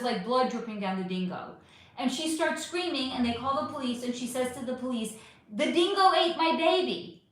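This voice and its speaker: Woman, livestream host, casual Q&A, emphatic, swooping lively pitch, very echoey room. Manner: animated, emphatic, talks straight to viewers. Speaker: livestream host reading viewer questions.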